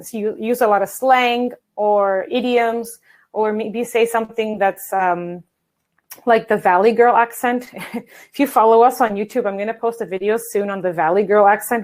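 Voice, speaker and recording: An energetic woman coaches her viewers in a chatty, upbeat way over a video call. Her voice sits a little high, and she keeps calling her audience "guys" while standing at her desk. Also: rough recording. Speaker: English coach and presenter. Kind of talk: online workshop talk. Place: home office at a standing desk.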